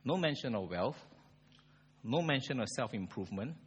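A man preaching a sermon, conversational and animated, asking the congregation rhetorical questions. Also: mid-range voice, moderate pace, breathy edge. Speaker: pastor. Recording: long hall reverb.

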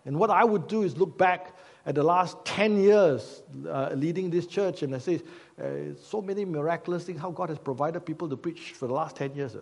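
A man's voice: on the high side, husky. A man preaching a sermon as pastor, conversational, with many fillers and repeated rhetorical questions. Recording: long hall reverb.

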